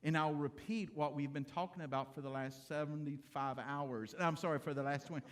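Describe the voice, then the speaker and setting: A man's voice: fairly high pitch, fairly even intonation, fairly quick. A middle-aged man, a pastor, giving a conversational, humorous sermon in a church and speaking straight to the congregation. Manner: conversational, humorous preaching addressing the congregation directly. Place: church sanctuary.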